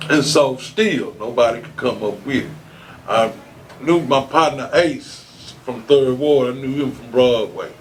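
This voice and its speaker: A man's voice: medium pitch, unhurried, a little hiss or hum. Guy telling stories at an interview, swears a lot, acts out what people said, faint clicking in the back. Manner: animated storyteller, swears freely, acts out quotes. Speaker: interview guest, rapper. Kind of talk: storytelling interview.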